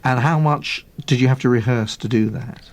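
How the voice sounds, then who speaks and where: A man in his sixties, a radio presenter, asking a young guest encouraging, gently teasing questions. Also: mid-range voice, moderate pace. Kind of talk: radio interview.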